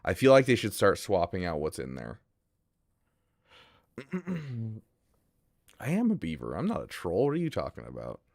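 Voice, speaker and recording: A man streaming a game, chatting casually with his viewers in a bemused, teasing way and getting loudly exasperated at the gameplay. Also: low-pitched, huge pitch swings, normal speed, vocal fry, long pauses, dry recording, clean studio sound. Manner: bemused banter with chat, rising to loud exasperation. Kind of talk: casual live-stream commentary.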